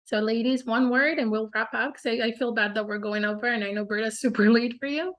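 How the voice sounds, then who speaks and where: Brief: woman host of a coaching circle, upbeat and encouraging, fairly high voice. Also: steady tone, a little fast. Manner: upbeat, encouraging, says "like" and "y'all" often. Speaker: business coach hosting a group call. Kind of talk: casual coaching group chat.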